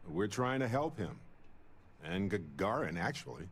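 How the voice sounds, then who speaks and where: A man voicing a game's player character, calm, level and earnest. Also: lowish voice, unhurried, a little hiss or hum. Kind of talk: video game dialogue.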